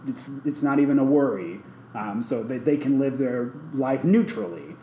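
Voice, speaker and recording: A young man telling a story casually in a group brainstorm, animated and laughing often as he acts out the people he quotes. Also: medium pitch, normal speed, slight background noise. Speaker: participant in a character brainstorm. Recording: echoey room with faint ambience.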